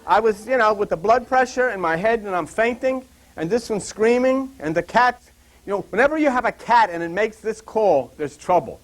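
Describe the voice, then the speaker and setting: An older man teaches from the Bible loosely and ramblingly, wandering into personal anecdotes as an animated, digressive storyteller. His voice sits high for a man, swinging widely up and down as he tells stories, at a moderate pace.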